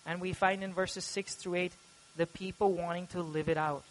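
A man preaching a sermon as pastor, earnest and animated, rising loud when he acts out quoted prayers. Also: high voice, moderate pace, poor audio.

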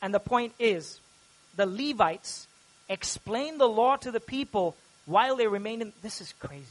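A pastor delivering a sermon, a man with a notably high-pitched voice. He preaches earnestly, growing loud and animated when voicing prayers aloud. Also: normal speed, rough recording.

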